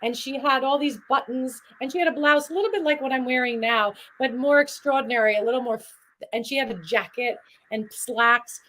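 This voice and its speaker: A middle-aged woman tells stories with an animated, chatty energy. Her voice is bright and a little high. She drifts between topics as she talks. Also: fairly quick, a little hiss or hum, rough recording. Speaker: guest performer. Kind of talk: lively interview storytelling.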